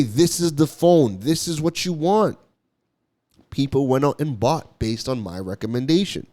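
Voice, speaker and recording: A slightly mellow, mid-range male voice with a Toronto accent belongs to a marketing content creator from Toronto, Canada. He gives emphatic commentary straight to camera, circling back over his points and asking "right?" again and again.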